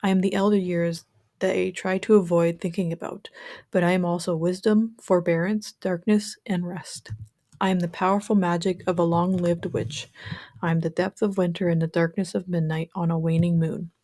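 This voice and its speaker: An ancient crone with a raspy, low voice, gruff at heart but grandmotherly, as a woman reads her aloud. She speaks in solemn, proclaiming tones with a soft, mellow warmth. A storybook witch of great age and wisdom. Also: little pitch movement, moderate pace, no room sound, studio quality.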